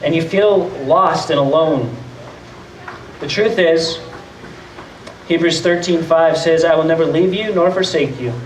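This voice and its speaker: Unhurried and pausing often, a man with a slightly high voice gives a conversational sermon, repeatedly acting out what doubters might say. It was captured in a church hall by a distant mic, leaving a roomy echo and a faint hiss or hum.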